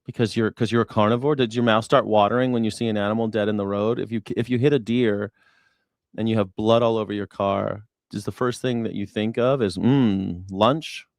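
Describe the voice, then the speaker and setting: A man hosting a live news reaction stream. He talks straight to his chat in a sarcastic, mocking way and swings between loud jabs and hushed asides. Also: fairly low pitch, steady tone, brisk, no room sound, clean studio sound.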